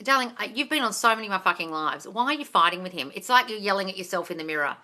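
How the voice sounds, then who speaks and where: This manifestation coach speaks very fast in a mid-range voice with lively intonation and a pushed, bright tone. During her phone livestream Q&A she reads comments out and responds, peppering her blunt answers with swearing and calls of darling.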